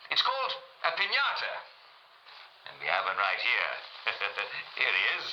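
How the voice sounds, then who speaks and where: A man's voice: lowish voice, wildly swooping pitch, measured pace, a little hiss or hum, low-quality recording. A man voicing a gleefully cheerful radio show host with campy, giggling delivery over a broadcast sound. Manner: gleeful, giggly, theatrically cheerful with dark jokes.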